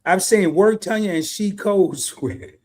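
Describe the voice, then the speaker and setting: A man's voice: high-pitched, unhurried, a little mellow. A middle-aged man co-hosting a live stream, laid-back and slangy, talking straight to his viewers. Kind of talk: casual live stream chat.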